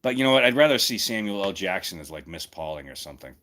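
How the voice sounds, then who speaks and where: A man's voice: deep voice, big pitch swings, fast talker, pushed and bright, slight background noise. A man casually chatting and joking on his own stream, thinking aloud as he goes. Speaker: streamer hosting a chat. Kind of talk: casual livestream chat.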